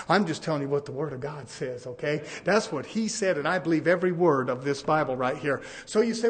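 A man's voice: fairly quick, hardly any pauses. A man preaching a sermon, rising and falling in emphatic bursts and often saying "amen" and "brothers and sisters". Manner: emphatic preaching with sudden rises in pitch and loudness.

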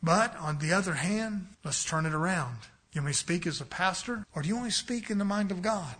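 Brief: male pastor, fervent and folksy, rising to loud bursts, dropping to hushed asides, higher bright tone. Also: sing-song, moderate pace, breathy edge. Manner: impassioned, swings between loud emphasis and quiet asides; folksy, homespun examples. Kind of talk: sermon. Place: church sanctuary.

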